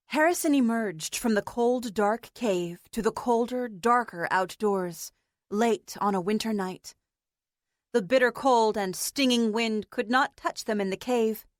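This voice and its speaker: A woman reading an audiobook in measured, even storytelling narration. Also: a little high, no echo, studio quality.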